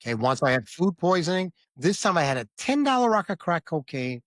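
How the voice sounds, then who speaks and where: A man's voice: a little high, sing-song, fairly quick, fairly bright tone, no echo. A man guesting on a podcast, telling a hard personal story in a candid, vivid way and often stopping to check the listener.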